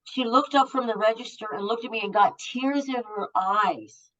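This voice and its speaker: A woman's voice: a little high, normal speed, fairly bright tone. A woman in her fifties, a guest telling candid stories in a blunt way and swearing freely. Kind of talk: candid storytelling. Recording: muffled lo-fi audio.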